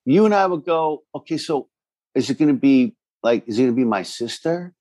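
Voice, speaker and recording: A man's voice: mid-range voice, animated, fairly quick, warm tone, dry recording. A man co-hosting a podcast, chatting casually and swearing often as he tells a story. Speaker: podcast co-host. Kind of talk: casual chat.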